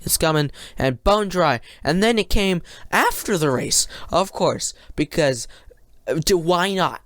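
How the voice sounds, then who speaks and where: A podcast host giving a casual solo race review, talking in an excitable, rambling way that often breaks into rants, with many fillers and restarts. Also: medium pitch, unhurried, no echo, studio quality.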